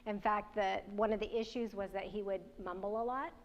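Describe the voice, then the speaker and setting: A woman's voice: medium pitch, steady tone, brisk, muffled recording. A woman leading a training workshop, talking in a conversational way with light laughs and questions to the audience. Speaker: workshop presenter. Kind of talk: training presentation to parents and educators.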